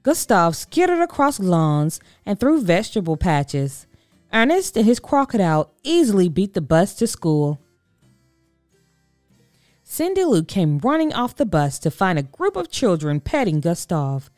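A woman reading a children's picture book aloud in an expressive, animated storytelling voice. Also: fairly low pitch, unhurried, no echo, clean studio sound, soft background music.

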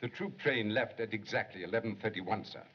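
A man's voice: on the low side, a little fast, husky. An actor playing a dutiful male household servant, careful and respectful, in 1930s film acting. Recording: dull 1930s film soundtrack.

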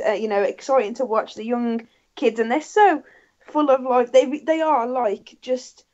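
A woman co-hosting a casual motorsport chat, bubbly and lively, laughing easily. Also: on the high side, dull audio. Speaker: podcast co-host.

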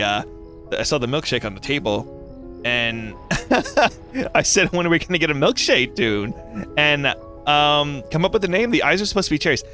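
Young man, gaming commentary, bright tone, lively pitch, giggly, rambling, soft music behind. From North Carolina. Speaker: gaming YouTuber. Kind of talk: casual gameplay commentary.

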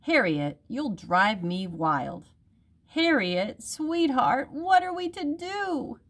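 A woman voicing a patient mother who scolds her child in a sing-song voice instead of yelling. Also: on the low side, sing-song, takes it slowly.

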